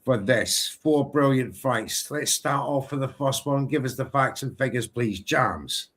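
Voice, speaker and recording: Excitable male co-host calling boxing live. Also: medium pitch, unhurried. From Britain. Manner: excitable, energetic play-by-play. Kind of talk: live boxing watchalong commentary.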